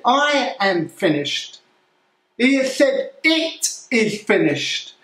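A male pastor preaches a sermon staged as a live news report, speaking gravely with halting restarts. His voice sits high for a man and moves at a slow, deliberate pace. The sound carries a noticeable room echo. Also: sing-song, fairly bright tone.

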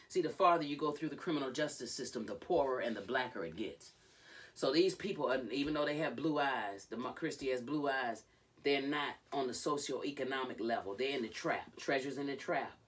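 A woman vlogger gives animated, dramatic commentary on a reality show, breaking off to call out to the Lord. Her voice rises and falls widely. She sits a bit back from the microphone, so she sounds slightly distant. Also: extremely low pitch. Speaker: life coach and vlogger.

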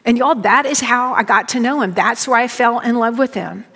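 Woman, Bible-teacher sermon, folksy and emphatic, slightly high voice, long hall reverb. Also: normal speed, slightly rough. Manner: warm, folksy and emphatic, addressing the congregation directly. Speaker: Bible teacher, guest speaker.

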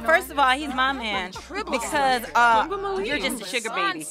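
A woman's voice: high-pitched, normal speed, over a noisy crowd. A woman giving casual, profane commentary over a life-sim game, hyping and trash-talking the characters. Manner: profane, playful, dramatic trash talk at the game. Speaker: let's play gamer. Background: game music.

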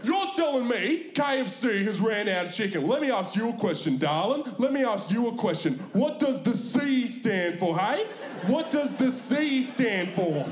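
A man playing his blunt, short-fused middle-aged Australian dad, who shouts and gets indignant. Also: mid-range voice, slow, pauses often, close to an everyday voice. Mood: incredulous.

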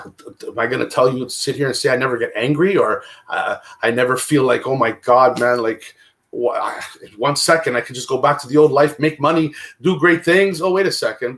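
A man talking on a video call about his past, emotional and repeating himself, swinging between loud bursts and hushed words. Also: medium pitch. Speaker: guest. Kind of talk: candid conversation about recovery.

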